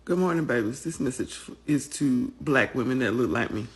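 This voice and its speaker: A woman's voice: a bass voice, expressive, normal speed, hardly any pauses. A woman giving a rallying, defiant pep talk to her viewers in rhythmic, repeated phrases. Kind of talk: motivational address to viewers.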